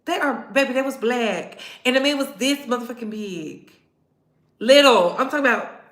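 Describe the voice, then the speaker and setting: A woman host giving blunt, sassy, profane commentary, telling stories with animated asides. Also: a little high, normal speed, roomy sound. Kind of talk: casual commentary vlog.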